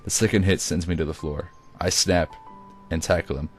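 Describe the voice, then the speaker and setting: A man with a very low, deep voice reads his own first-person story aloud. The delivery is amateur, with occasional stumbles and restarts. Faint music plays behind him. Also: steady tone, moderate pace. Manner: occasional stumbles and self-corrections. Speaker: reader.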